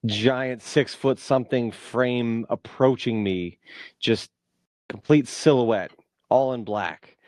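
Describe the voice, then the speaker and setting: A man's voice: lowish voice, darkish tone, no echo. A man co-hosting a podcast, telling a jokey story in a playful, casual way. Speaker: podcast co-host. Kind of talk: casual chat.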